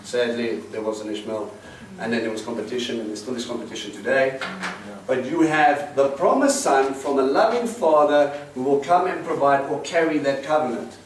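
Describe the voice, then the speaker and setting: This Bible study leader, medium-pitched and moderately paced, quizzes a small class while unpacking Hebrew words. The recording is roomy, captured on a distant mic with faint hiss.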